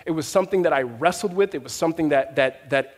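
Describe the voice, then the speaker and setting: Pastor preaching in an echoing hall. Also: male voice, fairly high pitch, quick pace. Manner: conversational, with fillers and restarts; rising to an emphatic, raised voice. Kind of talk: sermon.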